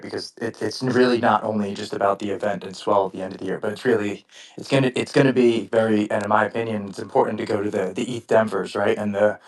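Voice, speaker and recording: A man co-hosting a casual podcast conversation, talking haltingly with many restarts and fillers. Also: on the low side, distant mic, low-quality recording. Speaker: podcast co-host.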